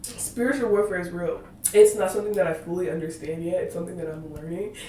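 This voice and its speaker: This twenty-something woman talks quickly and steadily in a low, dark voice, recorded from a distance in an echoey room. She's hosting a casual faith podcast, wandering off on tangents, laughing, and nearly crying.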